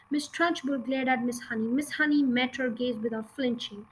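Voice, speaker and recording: Woman narrator, high voice, reads children's fiction aloud with small slips. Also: fairly even intonation, normal speed, hardly any pauses, slightly rough, rough recording. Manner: reads with occasional slips and restarts. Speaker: audiobook reader. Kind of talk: reading a children's novel aloud.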